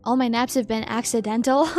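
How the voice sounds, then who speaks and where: High-voiced, giggly woman streamer. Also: animated, normal speed, darkish tone. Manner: giggly, reads out chat messages and answers them. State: sleepy. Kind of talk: casual chat with viewers.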